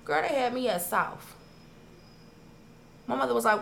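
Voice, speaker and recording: Profane, animated woman telling stories. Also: a little high, a little slow, gravelly, a little hiss or hum. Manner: profane, animated, acts out quoted arguments. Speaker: podcast co-host. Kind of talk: casual storytelling chat.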